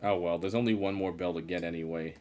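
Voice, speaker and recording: Deep-voiced man grumbling over a game. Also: fairly even intonation, fast talker, a little mellow. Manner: exasperated, sarcastic grumbling. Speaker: streamer. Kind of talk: live gameplay commentary.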